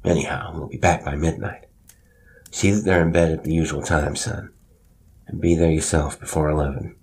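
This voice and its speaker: A man's voice: very deep voice, fairly even intonation, moderate pace, a little mellow, slight background noise. A man doing a dry, bookish family father. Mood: stern. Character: bookish middle-aged father, storytelling.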